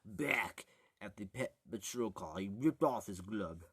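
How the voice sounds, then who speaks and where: A man's voice: lowish voice, lively intonation, breathy edge, no echo. A man reading an audiobook aloud in a casual, rambling way, stumbling, correcting himself and breaking off for crude jokes. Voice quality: jokey, crude asides and halting self-corrections. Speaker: amateur audiobook reader.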